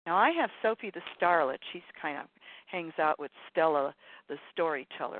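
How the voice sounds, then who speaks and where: A woman's voice: low-pitched, lively intonation, moderate pace. Woman teaching spirituality over the phone. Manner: repetitive, encouraging, rambling with fillers. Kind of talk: teaching talk on a call-in show. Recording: tinny phone line, dry.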